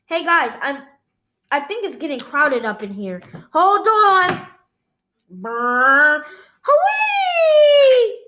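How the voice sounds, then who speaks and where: A woman's voice: high-pitched, big pitch swings, a little slow, pushed and bright. A woman reading a graphic novel aloud, saying the sound effects and the dialogue in the same reading voice. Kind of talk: read-aloud storytelling.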